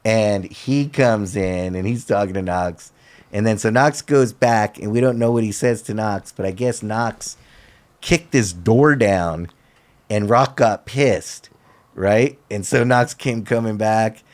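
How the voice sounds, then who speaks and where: A man's voice: on the low side, takes it slowly. A man guest on a talk show, telling a story casually and acting out what the other people said in a loose, slangy way. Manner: lively storyteller who acts out other people's lines. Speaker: podcast guest.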